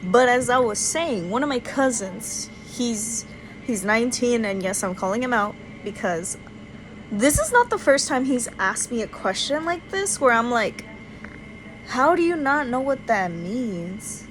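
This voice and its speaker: A woman's voice: a little high, animated, unhurried, slight background noise, poor audio. A young woman ranting casually into her phone in an exasperated, incredulous way, full of "like". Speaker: vlogger.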